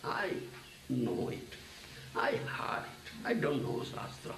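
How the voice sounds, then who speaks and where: A man's voice: mid-range voice, very animated, vocal fry, fairly bright tone, voice pushed down, heavily acted. A man voicing a doting simple old father. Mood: earnest. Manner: slow pleading tone, repeated "huh?" checks. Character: elderly village father, devoted, simple, doting. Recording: echoey room, distant mic, faint noise.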